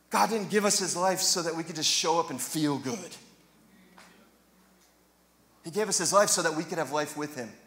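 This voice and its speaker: Male pastor, higher voice, chatty sermon with bursts of passion, roomy church sound. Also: a bit bright. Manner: conversational preaching with jokes, rising to passionate emphasis. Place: church sanctuary. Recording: echoey hall reverb.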